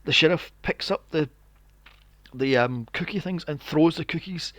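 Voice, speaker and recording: A man hosting a podcast, recapping a film in casual chat, animated and sweary, acting out scenes in mocking voices. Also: a little high, normal speed, dry recording. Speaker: podcast host. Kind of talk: casual movie review chat.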